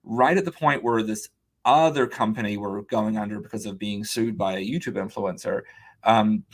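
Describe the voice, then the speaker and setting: A man with a fairly low voice speaks at a moderate pace as a guest on an interview podcast; he's an author and illustrator. He tells a long anecdote casually and with animation, acting out what other people said and filling his speech with "like" and "um."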